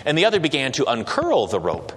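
A man's voice: mid-range voice, huge pitch swings, fairly bright tone, slight background noise. Man telling a story with reverb. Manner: slow, dramatic, with occasional hesitations. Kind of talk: storytelling narration. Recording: long reverb.

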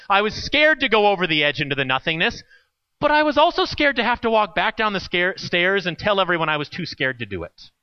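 Through a muffled recording, a pastor with a slightly high voice tells a personal story with drama during an earnest sermon. He acts out each person who appears in his stories.

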